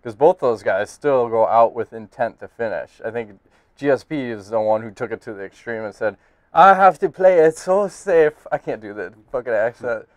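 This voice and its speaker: A man's voice: fairly low pitch, brisk, darkish tone, no room sound. A man co-hosting a casual podcast, talking bluntly with lots of swearing and laughing banter. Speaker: podcast host.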